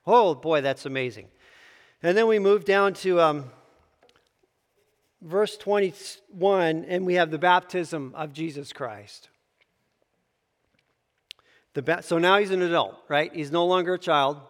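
A man leads a Bible lesson in a loose, conversational way, stopping to correct himself and add asides. His voice sits a little high. The sound rings with the long echo of a large church hall. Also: slow, pauses often. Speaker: bible teacher. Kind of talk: bible teaching.

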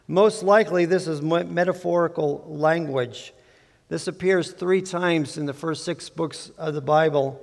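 Man preaching in a reverberant hall. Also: fairly high pitch. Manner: measured preaching with emphatic slowed phrases. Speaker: pastor. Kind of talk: sermon. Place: church sanctuary. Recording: long reverb of a church hall.

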